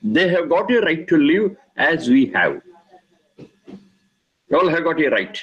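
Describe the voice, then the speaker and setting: Husky man lecturing with emphatic repetition. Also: on the high side, very animated, highs cut off. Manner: slow, emphatic, repeats key words for stress. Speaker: Vedic scripture teacher. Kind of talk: lecture explaining scripture.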